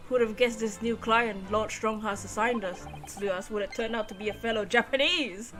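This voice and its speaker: A woman's voice: fairly high pitch, brisk, a bit bright, faint music behind, voice pushed down, lightly acted. A woman voicing an earnest, flustered young male lawyer who speaks hesitantly. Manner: hesitant and unsure.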